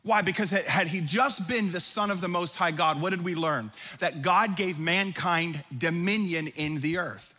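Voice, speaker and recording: A man's voice: high voice, normal speed, hardly any pauses, pushed and bright, faint music behind. Man preaching, dramatic scripture reading. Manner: reads scripture aloud with dramatic emphasis; conversational asides between readings. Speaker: pastor. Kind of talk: sermon. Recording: long hall reverb.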